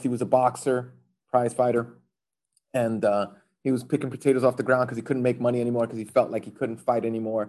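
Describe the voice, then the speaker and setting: A man's voice: medium pitch, a little mellow. A man preaching a sermon in a conversational, joking way, with fillers and restarts. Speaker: pastor.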